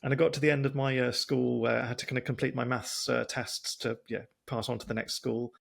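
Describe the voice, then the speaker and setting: A male podcast host with a strong Oxford accent and a deeply gravelly, creaky voice. He talks in a relaxed interview chat, choosing his words carefully and slowly. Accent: Oxford English. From England. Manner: deliberate, careful pacing, works to speak slowly.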